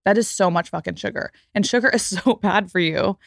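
Woman aged thirty, solo podcast host, casual reflective chat, slight vocal fry, dry close sound. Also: mid-range voice, brisk, fairly bright tone, no echo. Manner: reflective, candid, frequent "like" fillers.

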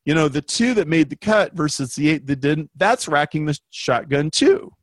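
A man, a business consultant guest, telling a story in an interview with emphatic, animated delivery. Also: on the high side, moderate pace, no echo. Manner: animated, emphatic, acts out quoted voices.

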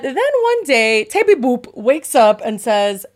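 A woman's voice: a little high, very animated, takes it slowly. A woman co-hosting a podcast, chatting casually about online drama, bubbly, swearing freely and laughing often. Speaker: podcast co-host. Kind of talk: casual gossip chat.

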